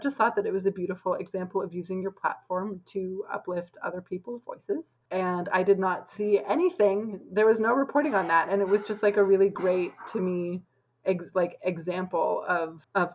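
A young woman co-hosting a podcast chats casually, using "like" constantly. Her voice is fairly low and a bit rough, and the recording quality is low.

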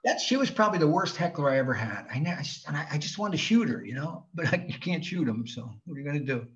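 A man's voice: on the high side, quick pace. A man, a stand-up comedian from New Jersey, telling stories from his shows in a casual chat, acting out scenes. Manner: animated storyteller, acts out scenes with laughs. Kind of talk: casual podcast storytelling. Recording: slightly dull lo-fi sound.

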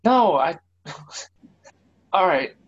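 A man's voice: high voice, sing-song, very slow, husky, muffled recording. A man in casual conversation, chuckling and chiming in with quips while recalling army days. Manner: jokey, chuckling, chimes in with quips. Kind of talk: casual chat.

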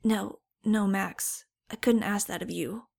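A woman's voice: mid-range voice, steady tone, takes it slowly, vocal fry, darkish tone. A woman voicing a fond, wistful talking male dog who speaks in an earnest, sighing way.

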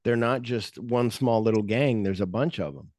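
A podcast host, a man with a medium-pitched, slightly mellow voice at normal speed, casually retells film scenes in a rambling manner full of "like". The sound is dry and clean, studio quality.

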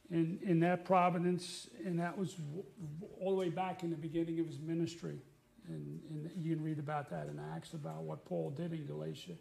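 Middle-aged man, preacher; mellow, gravelly tone, casual sermon delivery. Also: fairly high pitch. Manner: conversational, with fillers and restarts. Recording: echoey room.

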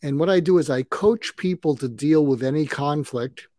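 A man in his mid-seventies, a retired psychiatrist turned conflict coach, calmly explaining techniques as a podcast guest and acting out sample dialogue. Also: a little high, moderate pace, no room sound. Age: 70s. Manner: calm, advice-giving, acts out sample dialogue.

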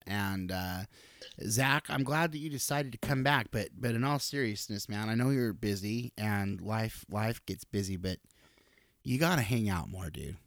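Laughing gravelly podcast host. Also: male voice, fairly low pitch, moderate pace, a bit bright, no echo, studio quality. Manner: joking, laughs often. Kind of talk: casual chat.

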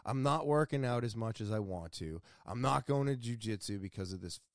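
A man's voice: mid-range voice, animated, brisk, no echo, studio quality. A man hosting a casual solo podcast, talking candidly and swearing freely as he scolds himself, while nursing sore ribs from a torn muscle. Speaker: podcast host.

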